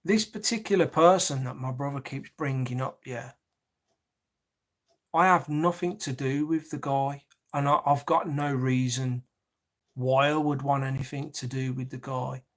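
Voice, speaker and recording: A man's voice: medium pitch, fairly even intonation, measured pace. Agitated man ranting, swearing heavily. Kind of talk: rambling personal rant.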